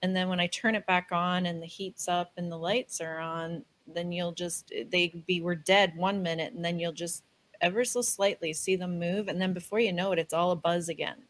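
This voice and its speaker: A woman's voice: on the low side, fairly even intonation, moderate pace. A woman speaking earnestly and hesitantly in casual conversation, searching for words.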